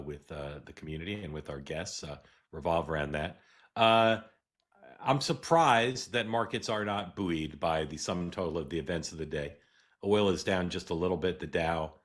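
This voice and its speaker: A middle-aged man hosting a live political news show, talking in a halting way with many "uh"s and restarts. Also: sits low, a bit bright. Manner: halting, filler-heavy delivery with frequent "uh" and restarts. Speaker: host.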